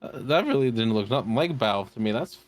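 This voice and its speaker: A man's voice: mid-range voice, expressive, a little fast. A man co-hosting a casual podcast, joking and swearing freely as he reacts to an episode. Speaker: podcast co-host.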